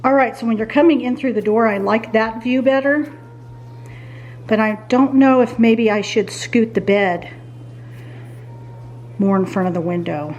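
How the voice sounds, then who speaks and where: Middle-aged woman, home vlogger, bedroom, thinking aloud, indecisive, chatty, slightly high voice. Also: measured pace, pauses often, a little mellow, lo-fi sound, slight background noise. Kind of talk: casual vlog chat while tidying.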